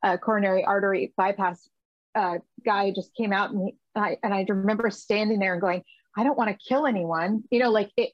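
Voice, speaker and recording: A woman's voice: medium pitch, dry recording, lo-fi sound. A woman host, herself a former nurse, chatting sympathetically and reminiscing. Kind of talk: casual conversation.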